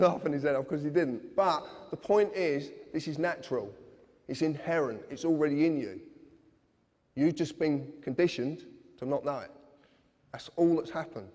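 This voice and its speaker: Speaking straight to the crowd, this public speaker gives an earnest, insistent live lecture. His voice is on the high side with a darkish tone, and a hall's long reverb trails each phrase.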